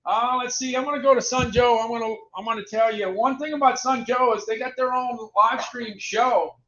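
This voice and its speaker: Bright-voiced chatty man reviewing products. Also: very high-pitched, fairly even intonation, a little fast. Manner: chatty, repeats phrases, reads out prices and ratings. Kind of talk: casual product chat. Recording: roomy, dull lo-fi sound.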